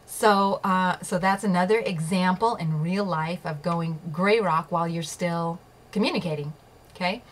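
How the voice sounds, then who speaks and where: A woman's voice: lowish voice, normal speed, rough recording. A woman vlogger telling a personal story, emphatic, swearing at times and checking in with her listeners. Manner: emphatic, swears, asks "okay?" and "right?" often. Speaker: vlogger sharing personal experience.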